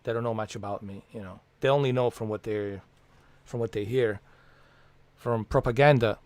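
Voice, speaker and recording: A man's voice: lowish voice, moderate pace, darkish tone, dry recording. A man hosting a casual livestream from home, rambling and swearing with lots of fillers. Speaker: livestream host.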